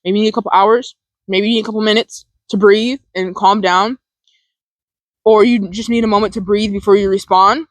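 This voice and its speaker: Woman mindfulness host, casual pep talk, rambling and filler-heavy, mid pitch, dry close sound. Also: fairly even intonation, fairly quick, no echo, poor audio.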